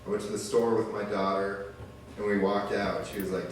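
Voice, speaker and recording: A young man with a deep, fairly flat voice performs stand-up on a small arts venue stage, talking a bit quickly in a loose, meandering style peppered with crude asides. The recording is distant, echoey, and noisy.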